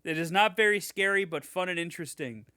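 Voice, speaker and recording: A man's voice: sits high, quick pace, sharp tone, smooth, no room sound, studio quality. A young man co-hosting a podcast, reading fan reviews aloud in a mock-enthusiastic way, swearing casually. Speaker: podcast co-host.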